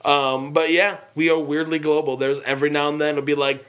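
A man's voice: fairly high pitch, flat delivery, fairly quick, a bit bright, a little hiss or hum. A man co-hosting a podcast, chatting casually with crude jokes and trailing-off sentences. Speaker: podcast co-host. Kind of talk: casual group chat.

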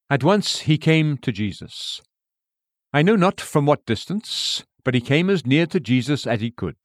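A man's voice: mid-range voice, no echo. A man delivers a sermon as a read-aloud text in an earnest, emphatic preaching style. His voice sits in a middle register, lifting sharply on key phrases and sinking to near-whispered endings. The recording is dry, with no room sound. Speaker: sermon reader.

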